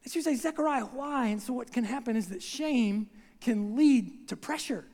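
A preacher delivering a sermon in a relaxed, storytelling way, often checking in with the listeners. The recording comes from a church sanctuary and carries a long reverb tail. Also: mid-range voice, moderate pace, vocal fry. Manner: conversational, acts out scenes, repeats "right?".

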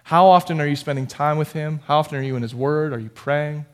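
A male pastor delivers a sermon in a fairly high voice. He talks in a loose, conversational way with restarts, then climbs into fired-up, emphatic preaching. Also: quick pace, smooth.

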